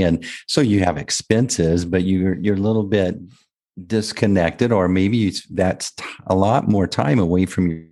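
Very deep-voiced man, halting speech. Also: darkish tone. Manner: halting, restarts and repeats words. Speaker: podcast host and business owner. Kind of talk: casual podcast conversation.

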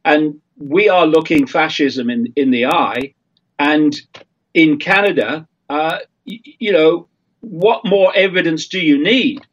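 An older man speaking as a talk-show guest in an earnest, emphatic monologue, halting with fillers and with a frog in his throat. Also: on the high side, a bit bright, muffled recording.

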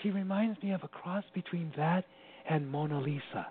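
A man giving an animated, personal account as an interview guest, often laughing as he tells it. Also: on the high side, normal speed. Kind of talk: personal storytelling. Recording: tinny phone-line sound with faint hum.

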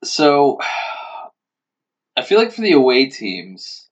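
A man's voice: medium pitch, huge pitch swings, extremely slow. A man co-hosting a sports podcast, breaking down games in a hesitant way with frequent "uh" and "you know". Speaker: podcast co-host. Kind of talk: casual sports analysis. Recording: dull lo-fi podcast audio.

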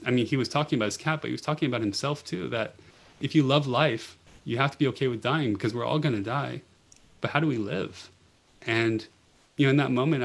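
A middle-aged man, a pediatric oncology nurse, telling stories in an earnest, gentle way with many "you know"s. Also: medium pitch, vocal fry. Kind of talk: reflective storytelling in a podcast interview.

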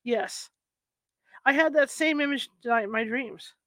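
A tired, practical husband brushes off worries in a flat voice, as a woman narrator puts him on. The reading is close and dry, pitched a little high. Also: unhurried, no echo. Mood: weary.

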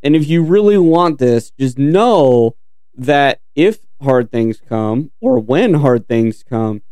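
A relaxed man with a middle-pitched voice jokes with his co-host in a casual faith discussion, folksy and easygoing. His voice is smooth and clear, recorded dry and close. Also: slow pace, no echo. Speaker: podcast co-host.

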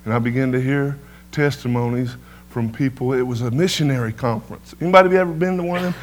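A middle-aged man preaches his testimony at a quick pace in a mid-range voice. He tells folksy stories and tosses "amen" to the congregation throughout.

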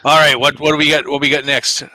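A man with a Boston accent co-hosting a casual chat, wry and quick to laugh, with exasperated asides. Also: fairly high pitch, flat delivery, sharp tone, no echo, rough recording. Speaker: podcast co-host.

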